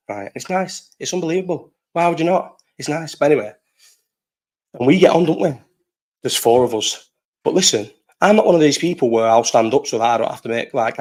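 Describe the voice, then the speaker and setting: Young Bolton-accented man, rambling and sweary, laughing often as he chats live, voice of ordinary pitch that jumps around. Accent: Northern English, Bolton. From Bolton, England. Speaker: live stream host. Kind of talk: casual live chat.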